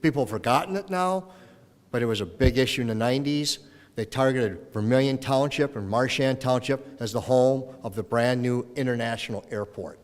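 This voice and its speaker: A man's voice: medium pitch, normal speed. A middle-aged man from Minnesota giving a farewell speech as retiring mayor, telling folksy stories and acting out the voices in them. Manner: folksy storytelling, acts out voices in anecdotes. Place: council chamber in city hall. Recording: long reverb of a council chamber.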